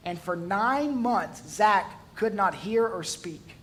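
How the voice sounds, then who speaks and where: A man's voice: high-pitched, expressive, slow, few pauses, fairly bright tone, slight background noise. A male pastor preaching a sermon, mixing jokes into his storytelling and swelling to emphatic peaks.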